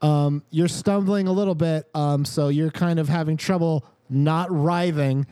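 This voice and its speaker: A man's voice: on the high side, fairly even intonation, measured pace, dark tone, clean tone, dry recording. A man narrating a tabletop game as dungeon master, laid-back and casually swearing.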